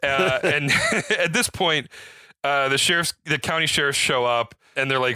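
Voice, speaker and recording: A man's voice: moderate pace, clean tone, dry recording, studio quality. A man casually recapping a film scene by scene, acting out the characters' lines. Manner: animated retelling, acting out quotes with rising pitch. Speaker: podcast co-host. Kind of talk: casual movie recap chat.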